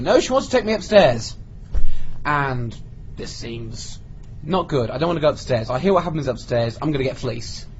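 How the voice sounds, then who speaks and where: Man, casual podcast storyteller, voice swings widely and sits a bit high; lo-fi recording with faint hiss. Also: normal speed. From Britain. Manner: animated anecdote-telling, acting out quoted lines. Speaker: podcast co-host. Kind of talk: casual storytelling among friends.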